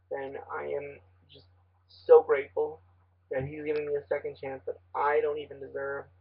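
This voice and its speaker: A man's voice: fairly high pitch, gravelly, husky, dry recording. A man giving an angry confessional rant as a player in an online reality game, swearing heavily. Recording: tinny phone-like line, dry.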